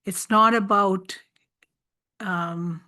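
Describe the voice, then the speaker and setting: A woman giving reflective closing words, soft-spoken and hesitant, pausing often. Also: mid-range voice, steady tone.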